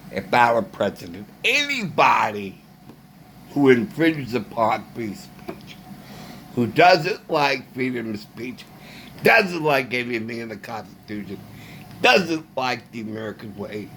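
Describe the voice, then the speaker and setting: A man speaking alone to the camera, ranting in a casual monologue with slow emphasis and long pauses. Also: medium pitch, lively intonation, fairly bright tone, a little hiss or hum. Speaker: vlogger.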